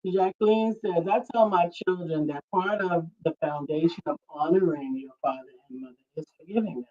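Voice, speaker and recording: A woman's voice: fairly low pitch, a little fast, mellow. Earnest, preacherly woman co-host. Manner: earnest, preacherly, reads viewer comments. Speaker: co-host, coach. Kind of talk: casual faith-based talk show. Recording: dull lo-fi audio.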